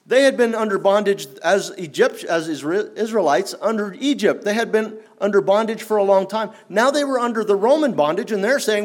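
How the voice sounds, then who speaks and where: A man preaching a sermon in an earnest, challenging way, rising for emphasis and dropping low. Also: a little fast, hardly any pauses. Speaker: pastor.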